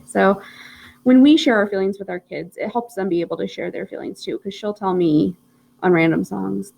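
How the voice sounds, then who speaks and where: A woman in her thirties leads a casual parenting lesson on a live stream. Her speaking voice has a gravelly, creaky texture. A faint hum sits under the recording. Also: mid-range voice, fairly even intonation, normal speed, low-quality recording. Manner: chatty, warm storytelling with frequent "like" fillers. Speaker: parenting class teacher.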